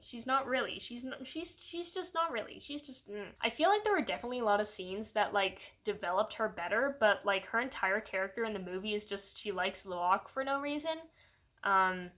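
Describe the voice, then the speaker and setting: A young woman giving a casual, rambling movie review in her own channel's video, animated and full of fillers, slipping into voices when she quotes characters. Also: medium pitch, normal speed. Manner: rambling, animated, heavy use of "like".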